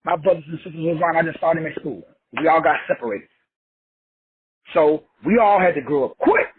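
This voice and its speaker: A man's voice: on the high side, a little fast, slight background noise. A man from Texas teaching a group on an online call in an emphatic, preachy way, repetitive, slangy and profane. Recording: phone-like lo-fi audio.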